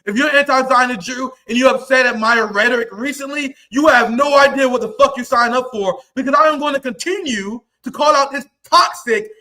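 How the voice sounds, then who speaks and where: A male livestream host delivering an angry, profane rant, often breaking into shouts. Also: very high voice, fairly quick, few pauses.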